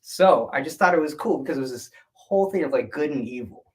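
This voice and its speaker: A young man, a guest artist, telling an animated story in a casual livestream chat and laughing often. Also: fairly high pitch, quick pace.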